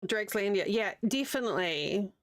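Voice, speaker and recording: A woman from New Zealand with a Kiwi accent that carries a slight American Southern tinge. She chats in a relaxed, rambling way while crocheting live, quick to laugh. Her voice sits at an average pitch, recorded close and dry with no room sound. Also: no room sound. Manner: chatty, rambling, laughs easily. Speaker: livestreamer. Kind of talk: casual chat while crocheting on stream.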